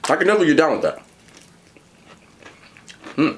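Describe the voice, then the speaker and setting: A man talking casually while eating and reviewing fast food, chatty and animated, pausing to chew. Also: a little high, slight background noise.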